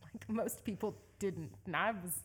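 A young woman from Southeast Texas telling a story as an interview guest, animated and laughing often. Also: medium pitch, a little slow, breathy edge. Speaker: guest, endurance bike racer.

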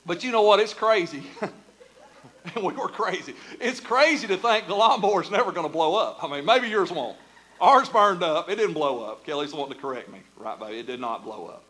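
A middle-aged man preaching with a notably high voice. He tells homespun stories with lively humor, then eases into a softer, earnest teaching voice. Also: brisk. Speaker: pastor. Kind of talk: storytelling sermon.

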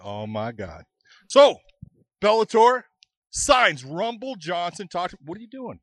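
A man co-hosting a podcast, teasing and goading his friend through a spicy chip challenge and laughing loudly. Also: sits high, sing-song, a little slow, no room sound. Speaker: podcast co-host. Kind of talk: casual chat, teasing.

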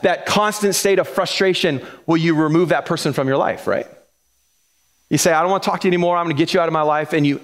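Animated man preaching a casual sermon. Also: on the high side. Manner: conversational and animated, acting out quoted voices; repeats words while building points. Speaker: pastor.

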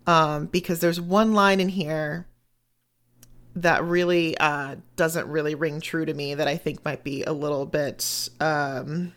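A woman with a slightly low voice co-hosts a casual book podcast. She is chatty and eager, and she readily rattles off lists as she steers the conversation. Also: steady tone, measured pace, a bit bright.

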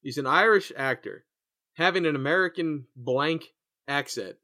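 A man's voice: a little high, normal speed, sharp tone, no room sound. A man co-hosting a podcast, making dry, wry remarks in casual chat. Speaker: podcast co-host.

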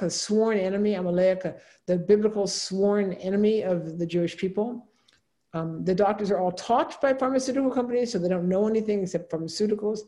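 A woman lecturing from slides. Her voice is mellow and warm, at a middling pitch for a woman. She talks in a loose, conversational way, often checking in with her listeners and pausing on fillers. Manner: conversational, frequent "right?" and "um".

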